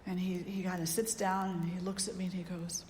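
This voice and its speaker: A woman spiritual teacher giving a satsang talk, a lively storyteller who acts out the people she quotes. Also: lowish voice, a little fast, a little hiss or hum. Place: yoga ashram hall. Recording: roomy hall with long echo.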